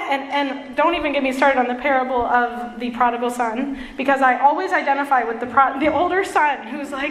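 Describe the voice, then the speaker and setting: A woman's voice: sits high, a little fast, few pauses, a bit bright. A woman preacher giving a sermon, earnest and self-deprecating, with playful asides. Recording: echoey hall with long reverb.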